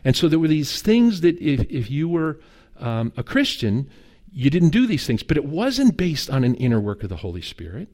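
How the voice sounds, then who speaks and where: A man's voice: on the high side, very animated, normal speed, darkish tone. A middle-aged man preaching a sermon as a pastor, telling stories with humor and acted dialogue. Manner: conversational storytelling with humor and quoted dialogue.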